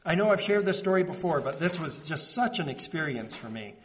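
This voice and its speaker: High-voiced man preaching conversationally. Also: sing-song, a little fast. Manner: earnest, checks in with "right?" and "okay?". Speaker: pastor. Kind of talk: conversational sermon.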